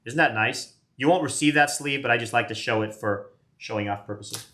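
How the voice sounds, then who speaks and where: Speaking a little fast in a pushed, bright, medium-pitched voice, a card collector in his late fifties chats casually through a live box break. He rambles and pokes fun at himself while opening packs of trading cards.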